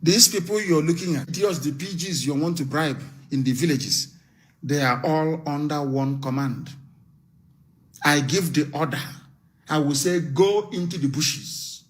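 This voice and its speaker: Impassioned man, raised pitch. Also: unhurried. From Nigeria. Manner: impassioned, hammering rhetorical questions; issues stern warnings. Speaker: political activist leader. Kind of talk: live broadcast address.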